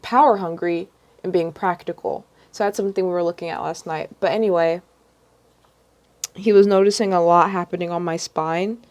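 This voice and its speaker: A woman's voice: on the low side, fairly even intonation, moderate pace, a little mellow. Rambling young woman livestreaming. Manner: rambling, many ums and restarts. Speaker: vlogger. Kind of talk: casual livestream chat.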